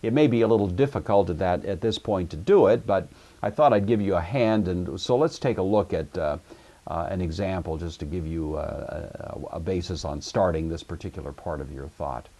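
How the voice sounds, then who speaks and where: Deep-voiced man teaching a lesson. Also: mellow. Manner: measured, explanatory, frequent "uh" fillers. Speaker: Greek teacher. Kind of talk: recorded course lecture.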